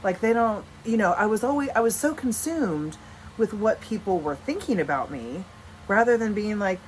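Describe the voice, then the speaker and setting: A woman's voice: medium pitch, animated, normal speed, slight background noise, low-quality recording. A woman in her thirties talking frankly and casually to camera at home, swearing now and then. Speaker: vlogger and coach. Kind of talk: casual direct-to-camera vlog. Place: at home with dogs.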